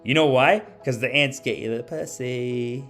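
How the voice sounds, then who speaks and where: A man's voice: medium pitch, unhurried, fairly bright tone, faint music behind. A man hosting a comedy live stream, ranting casually in a rambling, profane way into a home mic.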